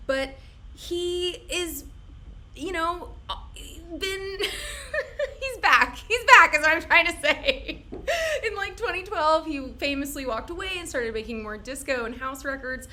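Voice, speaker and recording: Woman host, bright bubbly delivery, a bit high, faint hiss behind. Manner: bubbly, swearing, laughs often. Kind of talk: excited live-stream interview intro.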